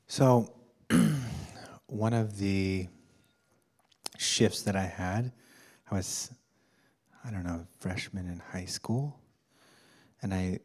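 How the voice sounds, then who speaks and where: A man telling a personal story to a workshop group, halting with fillers and restarts, with amused laughs. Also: low voice, darkish tone. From United States. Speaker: workshop participant.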